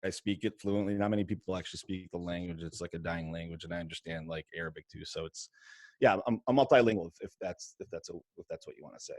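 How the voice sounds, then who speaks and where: A man with a fairly low voice, talking loosely and casually on a video call. The sound is dry and close, with little room around it. He rambles a bit and restarts his sentences often. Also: dry recording. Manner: quick and loose, lots of fillers and restarts. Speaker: mortgage lender and podcast host. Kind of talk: casual interview on a livestream. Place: home podcast studio.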